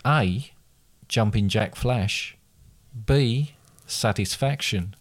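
A man with a lowish voice runs a relaxed quiz between friends. He reads the questions aloud, stumbles and starts them over, and teases his guest as he goes. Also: extremely slow. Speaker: quiz host. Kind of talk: casual quiz chat.

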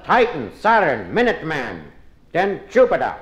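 A man's voice: on the high side, huge pitch swings, normal speed, pitched above the performer's own voice. A man voicing an eccentric, rambling German rocket scientist with a put-on German accent in a stand-up character bit. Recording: dull lo-fi archive recording with live audience.

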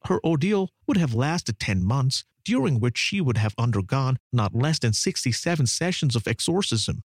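A man giving a dramatic documentary narration in an expressive, swooping delivery. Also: medium pitch, normal speed, dry recording, clean studio sound.

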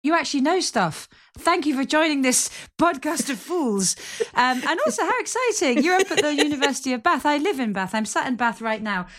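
Woman, podcast co-host, animated, joking, laughs often, higher, dry sound. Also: brisk, no echo. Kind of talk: podcast interview, casual chat.

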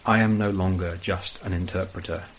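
A man reading a first-person horror story as scripted narration, in a measured, brooding way. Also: low-pitched, steady tone, a little hiss or hum, rough recording.

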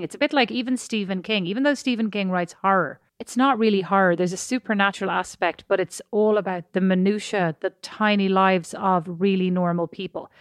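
A woman's voice: mid-range voice, no echo. Woman co-host, chatty and emphatic, dry close mic. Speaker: podcast co-host. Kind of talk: casual chat.

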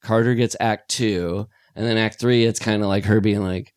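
A man co-hosting a podcast in casual chat, animated and laughing often. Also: fairly low pitch, moderate pace, clean tone, no echo, studio quality. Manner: animated, laughing, acting out lines in put-on voices. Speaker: podcast co-host.

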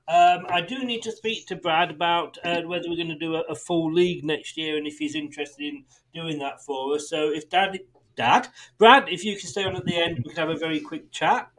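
A man with a fairly high-pitched, fairly bright voice hosts a football prediction podcast over a video call. He keeps it casual and chatty, pokes fun at himself, and laughs a lot.

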